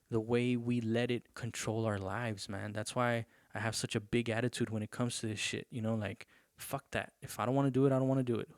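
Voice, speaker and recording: A man's voice: mid-range voice, a little mellow, no echo. Guy doing a solo podcast rant, cusses a lot, rambly, dry close mic. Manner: loose, profane, rambling with many fillers. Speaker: podcast host.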